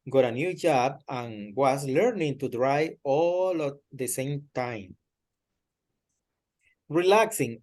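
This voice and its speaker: Guy teaching english on a video call, slow and patient, kinda high voice. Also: a little mellow. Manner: slow, patient, corrects and prompts the student word by word. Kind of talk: online English lesson.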